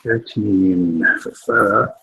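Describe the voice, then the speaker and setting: Lowish-voiced man running a tabletop game. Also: slow, vocal fry, fairly bright tone, slight background noise, rough recording. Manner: hesitant, filler-heavy narration. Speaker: game master.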